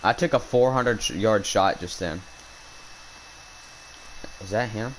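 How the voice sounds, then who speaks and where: A man's voice: on the low side, takes it slowly, slight background noise, rough recording. A young man outdoors on a hunt, casually telling an indignant, rambling story with lots of restarts. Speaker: hunting vlogger. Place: outdoors while hunting.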